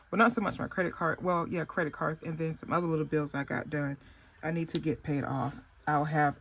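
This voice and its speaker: A woman casually talking viewers through her saving binders, rambling with many pauses and fillers and often calling them "y'all.". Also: low voice, vocal fry. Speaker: budgeting vlogger. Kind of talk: casual chat while showing saving binders.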